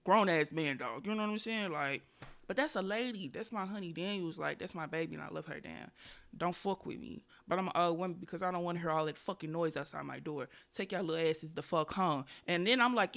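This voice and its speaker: A woman in her twenties hosting a podcast, telling a story in a casual comedic way with profanity and loud animated bursts. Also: fairly low pitch, a little fast, creaky. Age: 20s. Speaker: podcast host.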